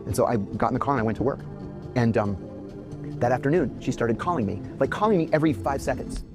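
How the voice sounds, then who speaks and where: A man telling a dramatic personal story in an animated way. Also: medium pitch, fast, music in the background.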